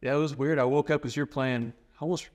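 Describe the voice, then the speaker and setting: A young man in his twenties talking loosely as an interview guest. He rambles a little and keeps it easygoing and relaxed. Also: medium pitch, brisk. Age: 20s. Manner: easygoing, rambling, many fillers and restarts. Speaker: guest, training client. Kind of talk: casual interview conversation.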